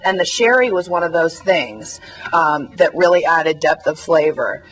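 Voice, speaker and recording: A woman's voice: deep voice, expressive, poor audio. A woman food editor on a TV morning show, explaining a recipe step by step in an upbeat way with frequent ums. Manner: upbeat, explanatory, many ums, quick laughs. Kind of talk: TV cooking demonstration. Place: TV studio kitchen.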